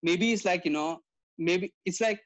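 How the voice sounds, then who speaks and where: A man with a notably high voice, hosting a casual interview. He reflects aloud, turns things over in his mind and laughs easily with his guest. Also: normal speed, poor audio.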